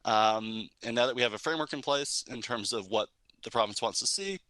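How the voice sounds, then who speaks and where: Guy calling in to a city meeting, bright dry voice, lots of ums, earnest. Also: mid-range voice, brisk, dry recording, poor audio. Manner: earnest, filler-heavy with frequent ums. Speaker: public deputant at city committee. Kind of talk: prepared public comment. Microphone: remote video call.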